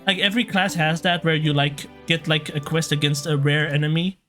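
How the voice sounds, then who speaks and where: A chatty young man commenting on his game from a home setup. His voice is high and bright, and he reacts out loud to each turn and often breaks into excited yelps. Light music runs quietly underneath. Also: fairly quick. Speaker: let's play gamer. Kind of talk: gameplay commentary.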